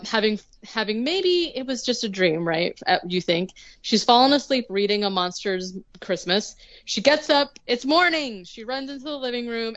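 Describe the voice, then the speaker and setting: A woman's voice: a little high, a bit bright, no room sound, dull audio. A young woman casually recapping a movie on a podcast, sarcastic and rambling, full of "like" and the odd swear word.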